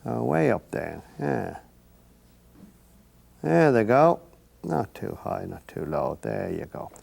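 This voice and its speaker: A man's voice: on the low side, big pitch swings, slow pace, vocal fry, darkish tone, husky. An older Irish man hosting a painting lesson, chatting to the viewer in rambling, folksy asides while he works. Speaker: painting instructor and host.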